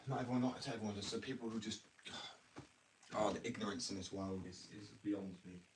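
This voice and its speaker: A young Englishman on a casual livestream rants bluntly and rambles, his speech packed with slang. His voice is on the low side and moves at a moderate pace. The mic sits at a distance, picking up faint background noise.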